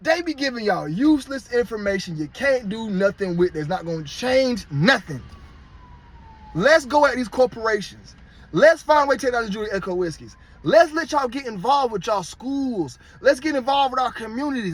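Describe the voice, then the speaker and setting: Blunt, high-pitched man ranting. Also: sing-song, a little fast. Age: 30s. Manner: blunt, heated, profane. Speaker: vlogger. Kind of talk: casual rant to camera.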